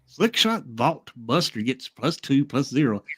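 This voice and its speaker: Lively Southern-accented male co-host. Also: medium pitch, measured pace, slightly rough. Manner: reads aloud with a lively voice. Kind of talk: casual podcast chat.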